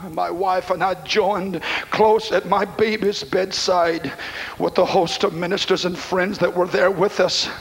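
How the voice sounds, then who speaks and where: High-voiced impassioned preacher man. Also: rough recording. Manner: impassioned, swings from hushed to shouting. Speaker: pastor. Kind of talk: sermon. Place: church congregation.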